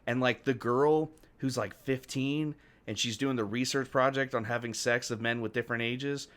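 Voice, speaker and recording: A man's voice: medium pitch, steady tone, moderate pace, a bit bright. A young man co-hosting a podcast in casual chat, rambling and swearing, laughing often. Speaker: podcast co-host.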